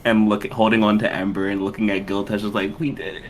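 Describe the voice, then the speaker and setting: A man playing in a tabletop role-playing game, talking in a casual, drawn-out way and laughing easily. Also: on the low side, flat delivery, slight background noise, poor audio. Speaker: player.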